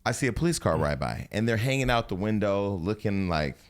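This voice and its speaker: Profane, animated talk-show host man. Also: lowish voice, fairly quick, clear, resonant tone. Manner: animated, profane storytelling with acted-out quotes. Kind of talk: casual talk-show storytelling.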